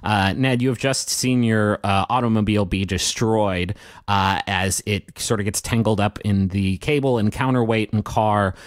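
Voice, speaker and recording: A man with a lowish voice narrates a tabletop game as game master. He rambles and hesitates as he describes the scene. The sound is dry and close. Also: steady tone, normal speed, no room sound. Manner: rambling, full of fillers and restarts.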